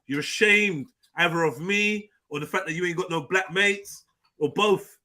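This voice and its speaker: Animated high-voiced man. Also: normal speed, low-quality recording. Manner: animated, laughing, jumping into quoted voices. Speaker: host. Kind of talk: casual chat.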